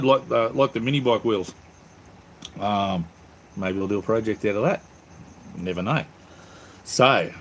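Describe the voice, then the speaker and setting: A man's voice: on the low side, slight background noise. An Australian man hosting a casual live stream from home, rambling cheerfully and calling his viewers mate and brother. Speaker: channel host reading live chat.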